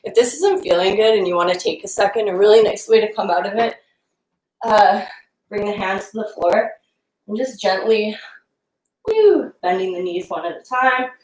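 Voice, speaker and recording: A young yoga instructor leads a live-streamed class while doing the moves, her mid-pitched, darkish voice casual and encouraging at a normal speed. She is slightly out of breath at times, and the room echoes noticeably.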